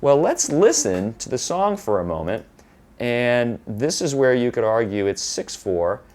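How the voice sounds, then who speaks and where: A man's voice: medium pitch, big pitch swings, unhurried, darkish tone. A man teaching guitar, explaining rhythm patiently, counting beats aloud and now and then correcting himself. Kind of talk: guitar tutorial. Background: electric guitar playing.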